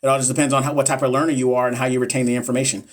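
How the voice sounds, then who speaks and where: A young man talks loosely to his live-stream viewers as a nurse educator. His voice sits at an ordinary pitch, and he is blunt, profane and fond of repeating a point for emphasis. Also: flat delivery, racing. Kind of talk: casual live-stream chat answering viewers.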